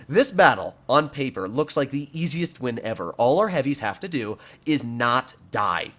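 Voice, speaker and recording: Animated young man commentating gameplay. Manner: lively, animated pitch, argumentative and emphatic. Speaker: gaming commentator.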